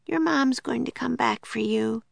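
Woman doing an eager young girl, high and bright, breathless, storybook reading, close dry mic. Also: a little slow, creaky, no room sound, exaggerated voice. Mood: gentle. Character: excitable young girl, eager and tender-hearted.

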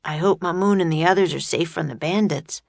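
A woman's voice: on the low side, fairly quick, vocal fry, no echo. A woman voicing a cautious, anxious young boy in a storybook reading. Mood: uneasy. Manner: worried, urgent outbursts.

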